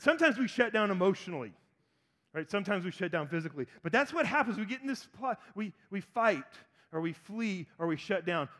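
Animated man preaching, high voice. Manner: animated, acts out voices of people in the story. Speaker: pastor. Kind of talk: sermon.

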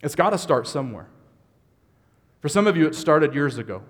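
With a somewhat high voice and wide pitch swings, a man preaches fairly quickly in a large hall. His sermon climbs from laid-back conversation to fervent, impassioned shouting.

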